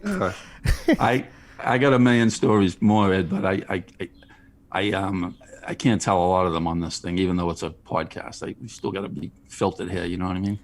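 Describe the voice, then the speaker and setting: A man, a guest on a podcast, telling jokey, animated stories in casual chat. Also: low voice, fairly quick. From Charlestown, Boston area. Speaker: guest, ice cream truck driver.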